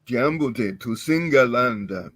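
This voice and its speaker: A man's voice: mid-range voice, expressive, a little slow, a bit bright, no echo. A man in a language class, carefully repeating practice phrases when called on. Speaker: language student.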